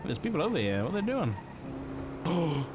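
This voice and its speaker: A man streaming a police roleplay, chatting loosely and swearing along the way. His voice sits a little high. Faint noise hums under the recording. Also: sing-song, normal speed. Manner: rambling, swears freely, many fillers. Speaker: streamer playing a police officer. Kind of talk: casual roleplay stream chat.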